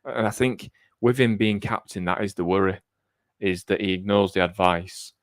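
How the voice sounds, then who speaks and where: Deep-voiced man chatting cricket. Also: moderate pace, no room sound, clean studio sound. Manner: relaxed, thinking aloud with frequent ums. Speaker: cricket podcast co-host. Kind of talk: casual live watchalong chat.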